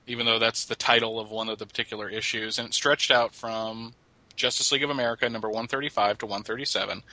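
A man's voice: lowish voice, fairly even intonation, quick pace, pushed and bright, no room sound, rough recording. A middle-aged man co-hosting a podcast, chatting casually about comics and joking as he reads. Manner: joking, laughs at his own lines. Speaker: podcast co-host.

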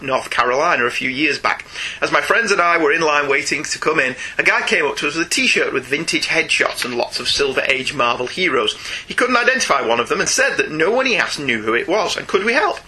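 A man's voice: a little high, sing-song, a little fast, pushed and bright, slightly rough. A man hosting a podcast, reading out listener emails in a chatty, jokey way. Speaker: podcast host.

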